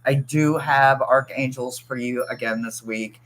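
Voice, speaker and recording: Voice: mid-range voice, fairly even intonation, a little slow, fairly bright tone, slight background noise, rough recording. A tarot reader hosting a livestream, chatting casually, teasing viewers and laughing often while reading the chat aloud.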